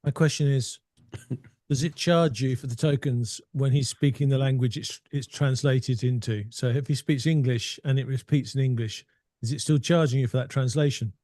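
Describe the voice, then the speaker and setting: A man's voice: mid-range voice, steady tone, moderate pace, dark tone, dry recording. A man joining a casual video call, joking with dry humor. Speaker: call participant. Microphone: computer mic on a video call.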